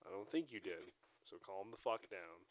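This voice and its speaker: A deep-voiced man co-hosts a podcast at a moderate pace, chatting casually with plenty of swearing. He's animated and acts out what others said in a raised voice. There's no room sound.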